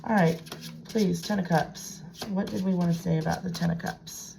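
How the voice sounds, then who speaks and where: In a noisy recording, a woman with a low, steady, fry-tinged voice does a tarot reading at home in a room with a piano desk. She talks at normal speed, chatting to herself and dipping into hushed whispers.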